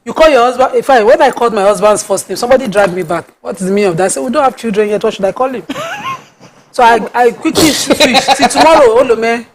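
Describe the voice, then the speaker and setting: A woman's voice: a little high, fast talker, slight background noise. A Nigerian woman co-hosting a TV talk show, telling stories in casual chat with lots of laughter. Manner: animated, laughing storyteller. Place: TV studio.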